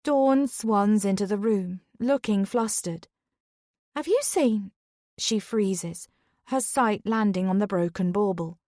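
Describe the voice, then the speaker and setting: A woman narrates a first-person mystery in a steady, measured voice at a middling pitch. The recording is dry and close, with no room sound at all. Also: no room sound. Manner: even, measured storytelling. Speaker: audiobook narrator.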